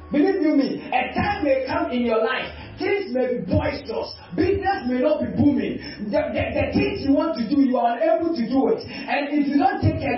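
High-voiced shouting preacher in an echoey hall. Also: male voice. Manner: emphatic, shouting, call-and-response. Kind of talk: sermon. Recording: echoey distant dull sound, faint music.

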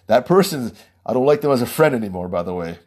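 A man's voice: medium pitch, expressive, brisk, darkish tone. A man hosting his own small podcast, giving a heated, rambling political monologue and laughing between points. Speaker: podcast host.

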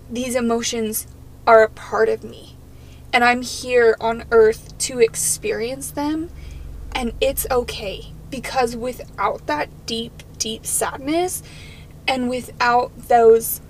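A woman's voice: a little high, a little hiss or hum, low-quality recording. A woman co-hosting a podcast, talking earnestly and emotionally in casual chat. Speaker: podcast co-host.

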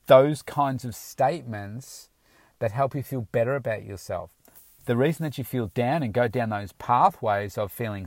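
A man's voice: mid-range voice, a little mellow, dry recording. Emphatic male motivational coach, dry sound. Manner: emphatic, coaching, repeats affirmations aloud. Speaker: weight-loss coach. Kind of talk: motivational talk.

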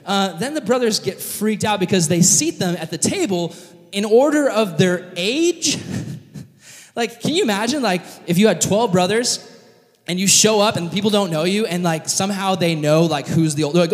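A man with a high, very lively voice preaches a casual, joking sermon, retelling a story with lots of fillers. His voice carries the long echo of a church hall. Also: moderate pace.

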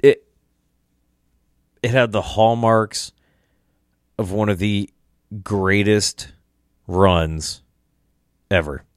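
A man's voice: lowish voice, extremely slow, long pauses, clean tone, no room sound, studio quality. A young man hosting a solo podcast, tired and tipsy, rambling casually and swearing a lot. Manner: rambling, profane, laid-back. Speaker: podcast host.

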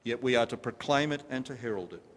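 A man's voice: mid-range voice, animated, quick pace, slight background noise. A man preaching a sermon to a congregation, emphatic and repetitive, stopping to ask them questions. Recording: long reverb of a large hall.

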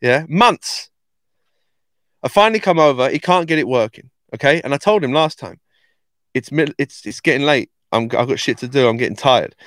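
A man's voice: mid-range voice, expressive, normal speed, fairly bright tone, no echo, clean studio sound. A man co-hosting a casual podcast, telling a story insistently, swearing and repeating himself. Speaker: podcast co-host. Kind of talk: casual chat.

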